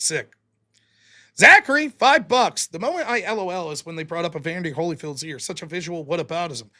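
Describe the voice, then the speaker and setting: Lively, bright-voiced male stream host. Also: on the high side. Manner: quick, offhand thanks and blunt replies with swearing. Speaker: livestream host. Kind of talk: casual chat reading viewer donations.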